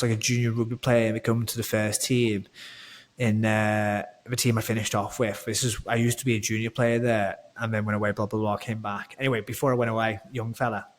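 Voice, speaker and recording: A man's voice: medium pitch, flat delivery, a little fast. Chatty, rambling man swearing freely. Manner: rambling, swears freely, lots of fillers and restarts. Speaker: guest, online coach. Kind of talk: casual podcast chat.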